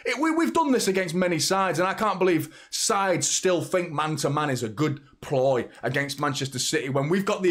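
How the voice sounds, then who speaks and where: Reacting to a football match during a live watchalong, a young man with a fairly high-pitched voice talks excitedly and says hello to viewers by name.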